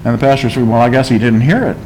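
A man's voice: medium pitch, very fast, a little mellow, slight background noise, low-quality recording. A man preaching a sermon, asking rhetorical questions, calling out for an amen and telling stories to his congregation. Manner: emphatic preaching, calls for amen and tells stories. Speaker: pastor.

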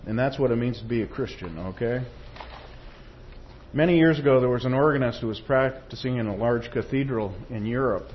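Heard over lo-fi audio with slight background noise, a medium-pitched man preaches a sermon. He reads quotations with building force and checks in with the congregation through tag questions.

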